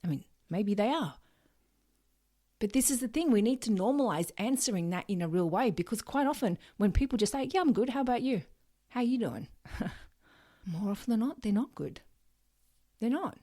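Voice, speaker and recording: A woman's voice: medium pitch, animated, normal speed, long pauses, warm tone. A woman with an Australian accent hosting a solo podcast, talking earnestly and directly, with the odd swear word. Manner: earnest, direct, casually swears, acts out everyday phrases. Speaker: podcast host.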